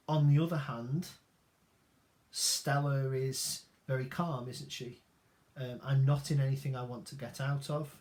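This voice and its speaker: Male teacher, mid-pitched, loose recorded lesson, hesitant fillers and rhetorical questions. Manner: informal, many ums and rhetorical tag questions. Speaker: English teacher. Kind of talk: recorded lesson explaining a play.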